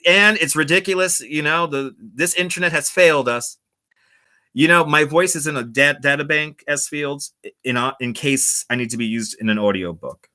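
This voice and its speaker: This livestream host has a slightly high, bright, forceful voice and broadcasts outdoors through a wireless lapel mic. Chatting casually with viewers, he reads and responds to their messages and laughs a lot.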